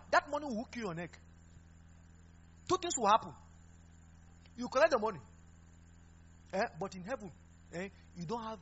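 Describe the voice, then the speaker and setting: A man preaching a lively sermon, mixing Pidgin into his exhortations and laughing often. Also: high-pitched, husky. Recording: dull lo-fi recording with faint music.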